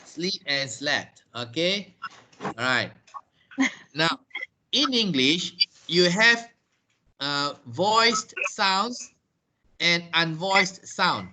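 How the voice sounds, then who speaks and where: A Malaysian man with a fairly high, bright voice teaches English over a video call. He is patient and takes learners' questions one at a time, spelling words out and explaining slowly. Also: sing-song. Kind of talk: online class Q&A.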